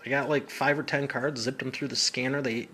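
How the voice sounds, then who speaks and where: A man's voice: medium pitch, steady tone, a little fast, pushed and bright, slight background noise. A man working as a business coach, answering viewer comments in a casual, upbeat live Q&A with informal slang.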